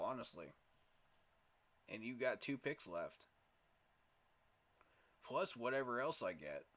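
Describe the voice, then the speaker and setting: A man's voice: medium pitch, very animated, slow, pauses often, fairly bright tone. A man hosting a casual solo livestream, thinking aloud in a tired, muttering way and often repeating himself. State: tired, yawning. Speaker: fan podcast host.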